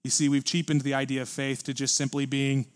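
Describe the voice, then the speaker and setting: A man preaching a sermon at a church service, earnest and building to forceful emphasis. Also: medium pitch, completely flat delivery, a little fast, clean tone. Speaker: pastor.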